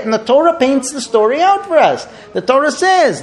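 A man telling a Torah lesson to a group outdoors, animated and full of rhetorical questions. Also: very high voice, moderate pace, hardly any pauses. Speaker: Torah teacher guiding a group. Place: outdoors at a holy site.

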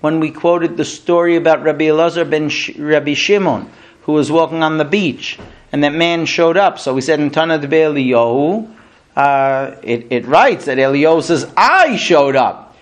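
A man's voice: on the high side, moderate pace. A man teaching a Talmud class to students, telling a story animatedly and acting out the quotes. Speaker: Torah teacher.

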